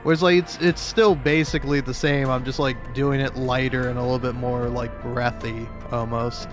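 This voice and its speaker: A man's voice: mid-range voice, level tone, moderate pace, over music. A man in his twenties, a gaming streamer who chats casually, rambling and stammering and laughing often. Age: 20s. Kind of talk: casual chat while playing.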